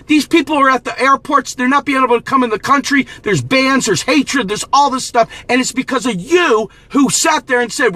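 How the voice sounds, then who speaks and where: A male host delivering an impassioned, profane political rant straight to his audience, angry and exhorting, often shouting. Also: extremely high pitch, no room sound. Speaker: host of a political commentary show.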